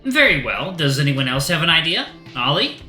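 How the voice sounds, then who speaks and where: Dude doing a bossy lady bear, impatient, raised bright voice, echoey room. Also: on the high side, sing-song, moderate pace, soft background music, heavily acted. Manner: impatient and commanding. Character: stern bossy female bear.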